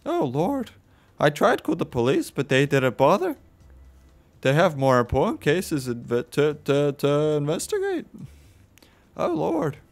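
A man's voice: a little high, wildly swooping pitch, unhurried, heavily acted. A young man reading the lines of an anxious elderly woman in a horror game, pleading for help finding her missing husband. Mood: worried.

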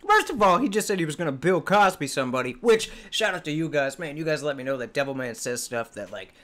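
A man's voice: fairly high pitch, big pitch swings, fast, fairly bright tone. A man hosting a reaction video, casually exclaiming, swearing and laughing as he comments on a rap track.

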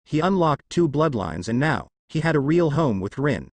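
A man reads a fan fiction story aloud at a steady storytelling pace. His pitch moves in a lively, animated way, and the recording is dry and close with no room echo. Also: normal speed. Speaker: narrator.

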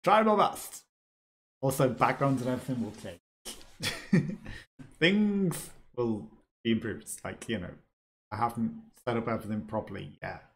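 A man's voice: medium pitch, a little slow, pauses often. A man casually commenting while playing a video game, chatty and wry, laughing often as he reads items aloud. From United Kingdom. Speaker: let's play streamer.

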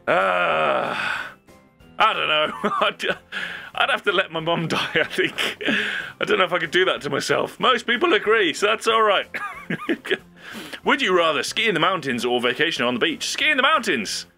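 A man's voice: a little high, moderate pace, gravelly, soft background music. Young guy hosting his channel, super bouncy up-and-down voice, chatty and giggly. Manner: animated, rambling, laughs often. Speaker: YouTube host. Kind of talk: casual solo commentary.

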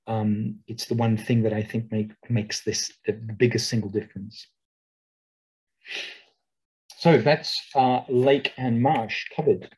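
Husky man giving a rambling webinar talk. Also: fairly low pitch, moderate pace, few pauses, rough recording. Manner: relaxed, rambling, with many ums and restarts. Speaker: nature reserve owner giving a webinar talk. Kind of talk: presentation over video call. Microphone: video call.

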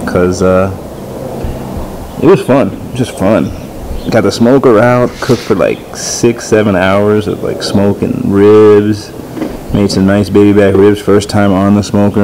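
A man's voice: lowish voice, a little mellow, slight background noise, low-quality recording. A man who runs a dog kennel, chatting casually for a vlog in his yard, rambling and correcting himself as he goes. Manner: rambling, self-correcting, talks baby talk to his dogs. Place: outdoors in a yard.

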